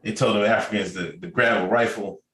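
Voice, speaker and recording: A man's voice: lowish voice, steady tone, fairly quick, fairly bright tone. A man co-hosting a podcast, talking loosely and profanely and laughing often. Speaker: podcast co-host. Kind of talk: casual chat. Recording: echoey room with faint noise.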